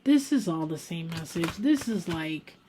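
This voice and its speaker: A woman giving a casual pick-a-card tarot reading, chatty and emphatic, talking straight to her viewers and sometimes dropping to a soft whisper for emphasis. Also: fairly low pitch, expressive, unhurried, a little hiss or hum. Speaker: tarot reader.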